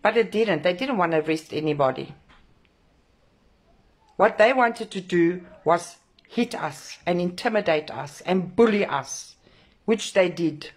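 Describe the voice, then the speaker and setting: A woman's voice: on the low side, animated, unhurried, slightly rough. A woman, an angry protest organiser shaken after a clash, ranting to camera with heavy swearing and emphatic repetition. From South Africa. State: emotionally shaken. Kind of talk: angry direct-to-camera rant.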